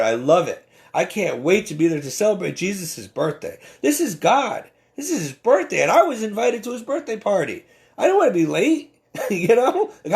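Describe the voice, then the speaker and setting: A man with a notably high voice and a rough, gravelly edge, delivering an impassioned religious monologue. He talks emphatically and preachily, often stumbling and repeating words as he pushes his point. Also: a little mellow. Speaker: Catholic commentator.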